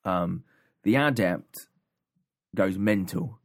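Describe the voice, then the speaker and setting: A man's voice: deep voice, takes it slowly. A man casually recapping an audiobook on a podcast, rambling with many ums and restarts. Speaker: podcast co-host.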